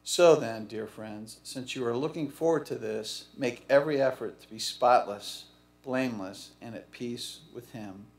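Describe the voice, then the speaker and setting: Man reading scripture in an echoey church. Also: mid-range voice. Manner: measured, solemn reading. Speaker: scripture reader. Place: church sanctuary.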